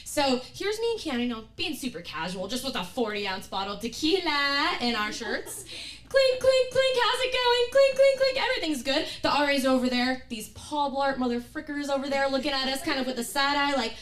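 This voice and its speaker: A young woman telling a comic personal story on stage, acting out scenes and yelling at the wild moments. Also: high voice, brisk, hardly any pauses. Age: young adult. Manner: animated, acts out scenes with loud yells. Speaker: student performer. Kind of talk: stand-up storytelling. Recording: roomy stage audio from a distant mic.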